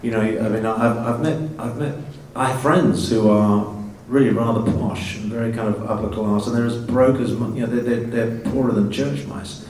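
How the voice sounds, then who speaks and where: An Englishman in his sixties, his accent slightly Americanized, answers questions as a guest actor on a festival stage, telling stories with self-mocking humor. His voice is medium-pitched and darkish with a steady tone, moderate pace and few pauses. The mic is distant and the sound roomy, with faint ambience and slight background noise.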